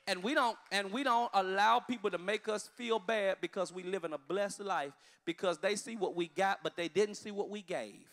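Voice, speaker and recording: High-voiced preaching man, repeats himself. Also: vocal fry. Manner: call-and-response preaching, repeats phrases, swings from loud to hushed. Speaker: pastor. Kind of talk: sermon.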